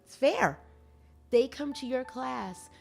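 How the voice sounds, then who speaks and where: A woman hosting a casual podcast chat, animated and playful, laughing often and teasing herself. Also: high voice, takes it slowly, creaky, faint music behind. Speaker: podcast host.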